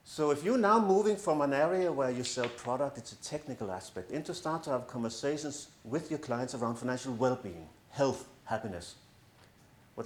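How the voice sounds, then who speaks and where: A middle-aged coach with a medium-pitched voice gives a presentation to an audience in a large room. He is earnest and persuasive with touches of self-mockery, and the recording is echoey with slight background noise.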